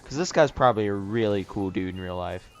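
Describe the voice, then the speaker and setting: A man's voice: lowish voice, brisk, soft background music. A man doing casual commentary over an online game, sarcastic and ranting, swearing freely and joking about the other players. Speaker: gaming YouTuber.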